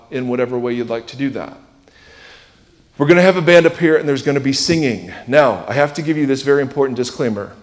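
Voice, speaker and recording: A man preaching a sermon in a church, conversational and self-deprecating, moving between loud emphasis and hushed asides. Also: medium pitch, big-room sound. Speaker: pastor. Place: church sanctuary.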